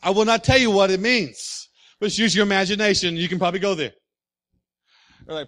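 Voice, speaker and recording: A man preaching a sermon as pastor, telling stories with humor and shifting between loud, excited passages and quieter explanation. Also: sits high, fairly quick, pauses often. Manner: storytelling preacher, animated and humorous.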